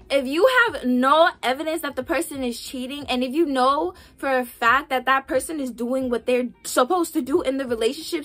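Sassy high-voiced young woman vlogger. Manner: sassy, animated, talks straight to the viewer. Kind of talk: casual relationship-advice vlog.

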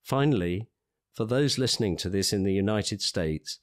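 A man with a British accent introducing and then reading aloud from a nonfiction book in a measured, earnest way. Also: lowish voice. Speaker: audiobook reader.

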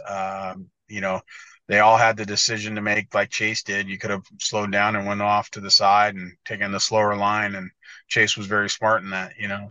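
Forceful, profane storytelling man. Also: fairly low pitch, dry recording. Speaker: podcast co-host, motocross editor. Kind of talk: casual podcast chat. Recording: dull, dry lo-fi audio.

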